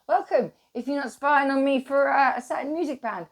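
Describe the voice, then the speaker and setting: A woman's voice: high-pitched, a little fast. Woman, channel host, rambling monologue, casual swearing, wandering talk.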